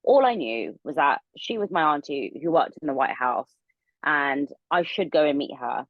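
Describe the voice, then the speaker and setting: A young woman telling a long story as a podcast guest, rambling and animated with plenty of fillers. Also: sits low, normal speed, no echo, phone-quality sound. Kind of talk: casual storytelling interview.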